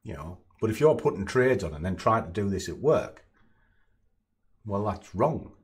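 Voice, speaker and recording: A man's voice: on the low side, very animated, normal speed. A man giving a blunt, no-nonsense motivational monologue as a trading coach.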